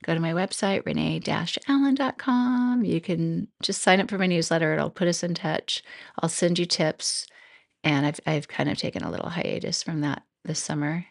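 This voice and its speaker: A middle-aged woman with a lowish, gravelly voice, chatting on her own podcast. She thinks out loud, laughs easily and wanders between points. The sound is dry and close. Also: moderate pace, no room sound. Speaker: podcast host and coach. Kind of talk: casual solo podcast talk.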